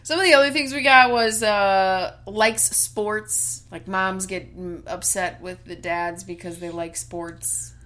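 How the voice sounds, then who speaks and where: A young woman co-hosting a podcast in casual chat, reacting warmly and laughing easily. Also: mid-range voice, steady tone, slow, few pauses. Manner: chatty, laughs easily, reacts to her co-host. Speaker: podcast co-host.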